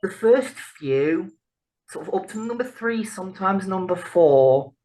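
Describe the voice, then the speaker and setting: A man's voice: sits high, lively intonation, measured pace, mellow, low-quality recording. Chatty man, laughs often. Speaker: podcast co-host. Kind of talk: casual film chat.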